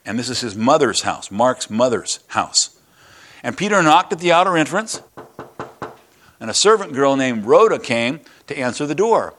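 An older pastor preaches at normal speed with a medium-pitched voice, and there's slight background noise. He retells a Bible story and a personal anecdote, playing out the quoted voices with lively chuckles.

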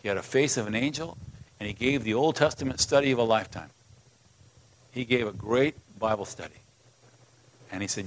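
A man's voice: medium pitch, fairly quick, pauses often. A man preaching a sermon as pastor, reading scripture aloud with passion and emphasis.

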